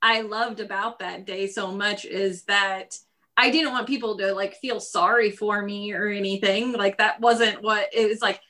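A woman's voice: medium pitch, steady tone, measured pace, pushed and bright. A woman guest telling her own story in a casual interview, laughing often as she talks.

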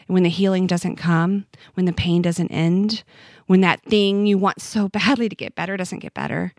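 A woman's voice: fairly low pitch, moderate pace, darkish tone, no room sound, clean studio sound. A woman speaking as a podcast guest, earnest and reflective as she talks about her faith. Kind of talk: conversational interview.

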